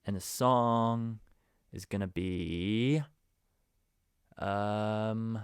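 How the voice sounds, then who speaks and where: A man hosting a casual solo podcast, rambling along and breaking into sudden loud, emphatic bursts. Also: fairly low pitch, extremely slow, clean tone, no echo, studio quality. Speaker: podcast host.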